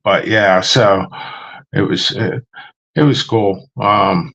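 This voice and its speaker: A man's voice: lowish voice, fairly even intonation, slow, vocal fry, dull audio, a crowd in the background. A man telling stories in a casual livestream chat, rambling with lots of ums and restarts and putting on voices when he quotes people. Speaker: guest on a livestream chat show.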